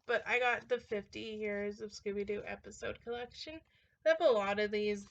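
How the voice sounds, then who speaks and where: A woman's voice: medium pitch, normal speed, creaky, dull audio. A young woman chatting casually in a vlog, rambling with lots of fillers and little laughs as she talks. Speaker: vlogger showing a movie collection. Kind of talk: casual chat.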